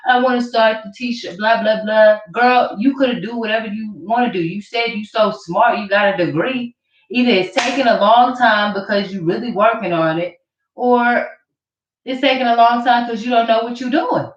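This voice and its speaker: A woman's voice: a little high, normal speed. A woman vlogger ranting to camera in an accusatory, mocking way, repeating her points. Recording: roomy, distant, dull camera audio.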